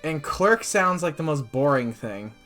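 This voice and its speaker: Animated, bright-voiced man streaming a game. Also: on the high side, a little slow. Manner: goofy, animated, reads dialogue aloud. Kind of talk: casual game stream chat and reading game text.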